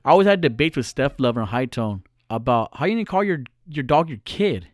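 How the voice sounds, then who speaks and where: A man's voice: medium pitch, expressive, brisk, no echo. Earnest man with a dry voice. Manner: earnest, reflective, repeats phrases for emphasis. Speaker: podcast host. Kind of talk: casual solo monologue.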